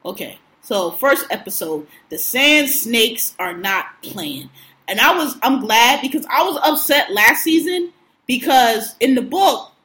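A woman co-hosting a casual show chat, animated, slangy and profane, often breaking into laughs. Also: a little high, measured pace. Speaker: podcast co-host. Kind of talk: casual chat recapping TV shows.

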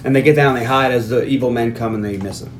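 A man's voice: mid-range voice, steady tone, slight background noise. Man casually recapping a movie. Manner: laughing, profane, retells scenes with quick voiced quotes. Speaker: podcast co-host.

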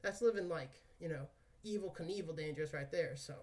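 A man with a slightly high voice hosts a podcast at a fairly quick pace, sounding far off from the mic and breathless after squats. He's relaxed and playful, cracking jokes and swearing occasionally.

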